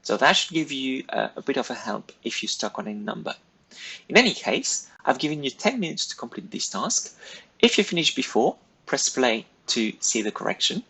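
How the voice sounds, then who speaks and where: A man's voice: medium pitch, big pitch swings, normal speed, pushed and bright, poor audio. A man teaching a recorded French lesson, giving patient, step-by-step instructions to pupils. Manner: patient, step-by-step, clearly paced directions to pupils.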